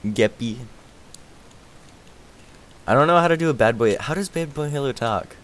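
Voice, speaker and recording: A man streaming a game live, rambling excitedly, answering chat and thanking viewers as he plays. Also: mid-range voice, normal speed. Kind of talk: live gaming stream chatter.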